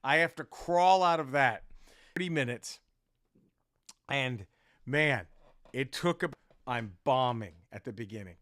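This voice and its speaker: A man's voice: medium pitch, unhurried, long pauses, fairly bright tone, no room sound, studio quality. A man, a comedian, telling a story casually in a rambling, profane way, with many restarts.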